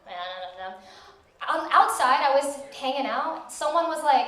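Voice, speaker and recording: A young woman doing a stand-up comedy set on a club stage, delivering deadpan, self-mocking punchlines. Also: sits high, moderate pace. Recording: echoey club, voice from far off.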